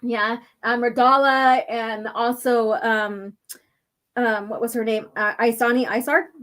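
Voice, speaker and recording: A woman's voice: on the high side, fairly even intonation, fairly bright tone. Chatty woman reading comics aloud. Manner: chatty, many fillers, reads dialogue slowly with emphasis. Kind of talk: casual chat, reading comic panels aloud.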